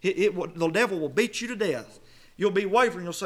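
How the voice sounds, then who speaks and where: A middle-aged preacher with a high, bright voice delivers a sermon. He swells into loud stressed phrases, then drops to a low murmur, and he reads old scripture wording slowly and weightily. His voice has a clear, bright edge. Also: animated.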